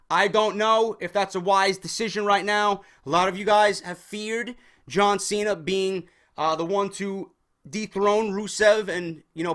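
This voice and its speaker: A man's voice: on the high side, sharp tone. A young man casually reviewing a wrestling show, enthusiastic and rambling, swearing constantly.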